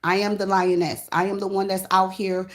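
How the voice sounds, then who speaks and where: A woman giving a casual tarot reading, blunt and profane, with an animated delivery. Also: medium pitch, normal speed. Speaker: tarot reader. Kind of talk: casual spiritual reading monologue.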